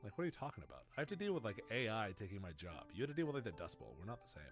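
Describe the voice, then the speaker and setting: A young man streaming a game, with animated, joking commentary as he talks back to the game. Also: lowish voice, rapid-fire, faint music behind. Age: young adult. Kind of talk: casual gameplay commentary.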